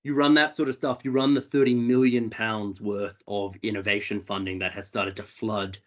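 A man with an Australian accent speaks plainly and quickly, with dry humour. His voice sits fairly low. The sound is dull and lo-fi, like video call audio. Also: level tone. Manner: plain-spoken, quick and wry. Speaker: conference speaker. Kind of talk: talk to a video call audience.

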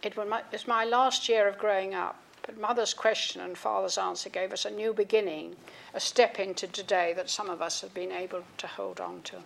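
A woman's voice: mid-range voice, flat delivery, fairly quick, vocal fry. An older woman, an author giving a public talk, reads passages from her own book and fills the gaps with ums and restarts. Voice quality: frequent ums and restarts between readings.

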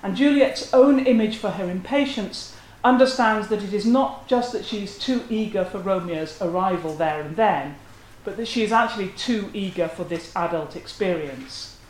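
Lecturer, academic talk, analytical and scholarly, mid pitch, roomy echo. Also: moderate pace, hardly any pauses.

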